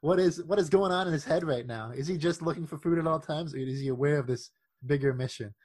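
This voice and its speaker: Male podcast co-host, slightly high voice, animated and chatty. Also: fast. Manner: animated, laughing, leads the discussion with questions. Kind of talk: casual chat.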